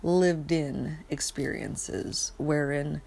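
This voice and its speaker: A sleepy young woman rants on in a low, gravelly voice. She rambles through fillers and restarts, drops curses, and trails off as she yawns. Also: steady tone, extremely slow, a little mellow. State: sleepy, yawning. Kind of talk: casual rant monologue.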